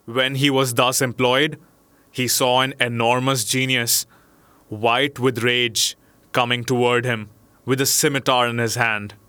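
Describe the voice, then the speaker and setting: A man narrating a classic storybook in a measured, expressive way. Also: mid-range voice, no room sound.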